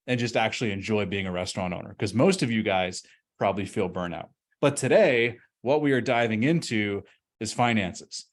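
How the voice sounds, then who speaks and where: A man who owns restaurants, giving a webinar presentation and telling his story in an energetic, conversational way. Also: mid-range voice. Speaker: restaurant owner and consultant.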